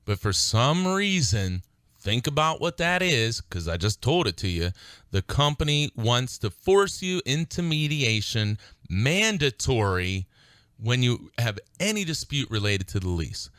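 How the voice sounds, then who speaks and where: A middle-aged man hosts a legal advice radio program, pressing his points hard and repeating them for stress. His voice is bright and forceful. It is picked up close in a dry, dead studio. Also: medium pitch, sing-song, a little slow, dry recording. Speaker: radio show host and attorney. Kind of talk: call-in style legal advice radio talk.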